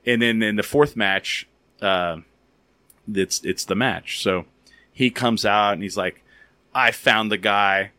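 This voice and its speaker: A man hosting a podcast, telling stories in a casual, animated, rambling way with a lot of filler words. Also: on the low side, takes it slowly, dry recording. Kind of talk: casual storytelling and interviewing.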